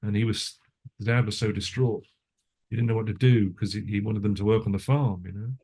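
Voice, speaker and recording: An older man with a lowish voice talks in a loose, rambling way, trailing off and starting over. He sounds like a film veteran chatting through anecdotes in an interview, asides piling up as he goes. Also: fairly even intonation, a little fast, mellow, breathy edge. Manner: rambling, self-interrupting storyteller; frequent restarts and asides. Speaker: cinematographer. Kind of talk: casual interview.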